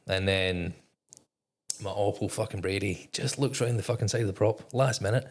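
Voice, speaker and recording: A low-pitched man tells a candid story as a podcast guest. He swears nearly every sentence and acts out what he thought at the time. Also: moderate pace. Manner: profane, swears constantly, quotes his own thoughts. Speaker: podcast guest, former navy technician.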